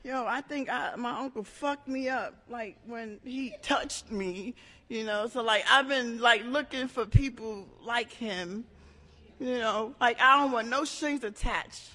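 A woman opens up at a support meeting in a high, bright voice, halting and restarting, swearing freely as she works through her thoughts. Her voice carries a long reverb, as if heard in an echoey hall. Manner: raw, profane, halting with many restarts. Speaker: member sharing at a support meeting. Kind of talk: emotional personal share. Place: meeting room.

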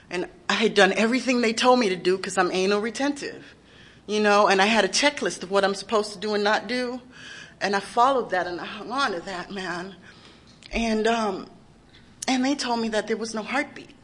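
Husky, bright-voiced woman giving raw testimony. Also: on the high side. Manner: raw and candid, frequent swearing, emotional swells. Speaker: recovery speaker sharing her story. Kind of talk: personal testimony.

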